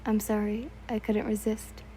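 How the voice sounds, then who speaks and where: A woman reading the lines of a gentle, melancholy male demon swordsman in her own soft-spoken, polite voice. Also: mid-range voice, level tone, moderate pace, a little hiss or hum, lightly acted. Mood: shy.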